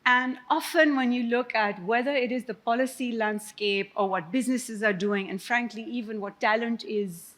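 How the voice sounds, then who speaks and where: A woman's voice: a little high, normal speed, hardly any pauses, fairly bright tone. A woman, an economist speaking on a conference panel in a conversational storytelling manner. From Pakistan. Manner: conversational, self-deprecating storyteller. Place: conference stage before an audience.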